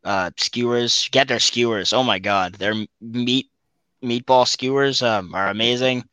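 Easygoing man, bright smooth voice. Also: medium pitch, a little slow, dry recording. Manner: easygoing, hesitant, filler-heavy. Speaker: podcast guest. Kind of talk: casual podcast chat.

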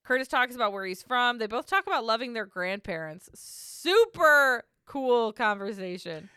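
Bright-voiced, chatty woman co-host. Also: a little high, very animated, moderate pace, clean tone, dry recording, clean studio sound. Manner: chatty, laughs often, blunt. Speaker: podcast co-host. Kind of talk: casual recap chat.

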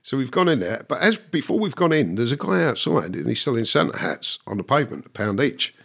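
A man's voice: mid-range voice, very animated, brisk, vocal fry, a bit bright, slightly rough. An older man, telling his story as a podcast guest in a blunt, swearing, vivid way. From London. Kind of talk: storytelling interview.

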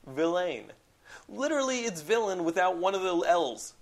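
A man's voice: high-pitched, moderate pace, vocal fry. A man in casual chat reviewing films, rambling with lots of "like" and swearing. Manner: rambling, heavy use of "like", profane and animated. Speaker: podcast co-host reviewing films.

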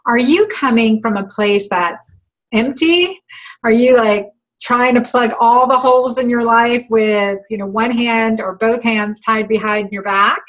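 A woman's voice: a little high, measured pace, poor audio. Woman host, a physician, in casual chat. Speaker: host and hormone-prescribing physician.

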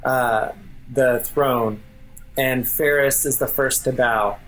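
Casual game master narrating a scene. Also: male voice, medium pitch, steady tone, slow pace, a bit bright, rough recording. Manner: casual, rambling, many fillers. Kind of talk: narrating a tabletop role-playing game.

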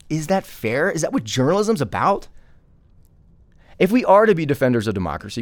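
Lively, emphatic male podcast host. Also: medium pitch, no echo. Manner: emphatic, full of rhetorical questions. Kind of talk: opinion commentary podcast.

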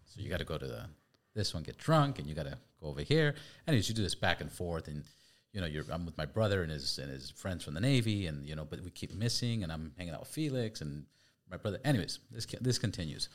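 A man hosting a podcast, telling a story in a chatty, halting way and acting out voices. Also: sits low, very animated. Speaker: podcast host. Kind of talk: casual storytelling.

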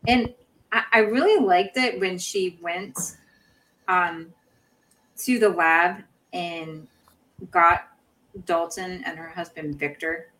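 A woman's voice: on the low side, fairly even intonation, slow, long pauses, fairly bright tone, low-quality recording. A woman co-hosting a podcast, recapping a show in casual chat with lots of fillers and restarts. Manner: rambling, many fillers and restarts. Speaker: podcast co-host.

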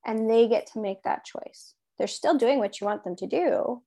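High-voiced woman chatting about parenting. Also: normal speed. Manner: animated, acts out quoted speech in a higher voice. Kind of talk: casual parenting chat.

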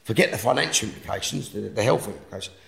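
A man telling a personal story in an interview, earnest and halting, with many restarts. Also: fairly low pitch, expressive, creaky, fairly bright tone. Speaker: guest. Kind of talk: emotional personal testimony. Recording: roomy echo.

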